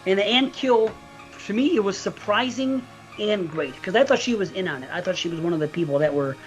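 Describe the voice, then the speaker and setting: A woman's voice: mid-range voice, expressive, a little fast, faint music behind. A woman co-hosting a podcast in casual chat, blunt and swearing freely, laughing often. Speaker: podcast co-host.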